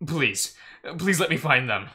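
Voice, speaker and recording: Casting: man doing a panicked furry young woman crying out in fear, high-pitched, bright and sharp. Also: sing-song, unhurried, exaggerated voice. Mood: terrified. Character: terrified young anthro woman, furry with paws.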